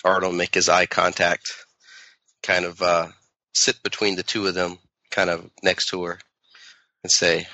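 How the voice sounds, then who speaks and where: A man speaking as a player in a tabletop game, deliberate and questioning. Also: deep voice, level tone, sharp tone, no echo, highs cut off.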